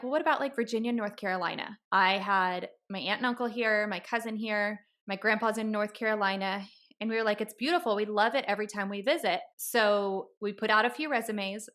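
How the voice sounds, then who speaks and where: A woman's voice: mid-range voice, a bit bright. A woman in her thirties hosting a podcast, telling a story in a casual, chatty way and acting out what people said. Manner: chatty storytelling, acts out quoted dialogue. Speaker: podcast host.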